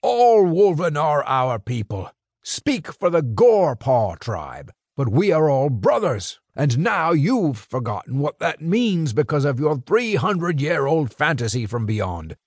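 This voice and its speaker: Gruff wolf-tribe chieftain, raised and urgent, in a dry close audiobook read, voiced by a male narrator. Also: on the high side, very animated, unhurried, dry recording, voice pushed up, heavily acted. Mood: pleading. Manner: urgent pleading. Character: defiant werewolf chieftain, gruff and proud.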